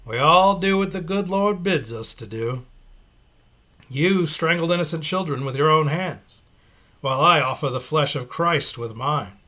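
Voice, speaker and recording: A man voicing a sinister, self-righteous male prison priest who talks loudly and preaches. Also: a little high, a little slow, voice pushed up. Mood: sanctimonious.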